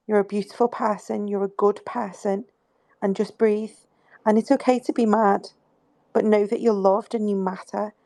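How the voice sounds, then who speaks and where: Soothing woman with a gravelly voice. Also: mid-range voice, darkish tone, no room sound, clean studio sound. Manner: soothing and reassuring, swears casually. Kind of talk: casual live group chat.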